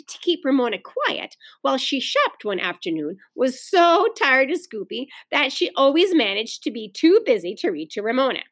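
A woman teacher reading a children's novel aloud to her class, pausing to talk to the children. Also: high voice. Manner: expressive storytelling, pauses to explain to children.

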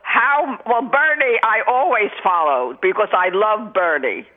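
A woman's voice: medium pitch, unhurried. An older woman calling in to a radio show, gushing with praise in an effusive way. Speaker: caller. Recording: dull phone line.

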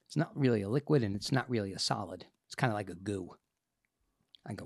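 A man, an actor and podcast guest, telling a personal story in a casual, animated and profane way, acting out the people in it. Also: medium pitch, brisk, creaky, no echo, studio quality.

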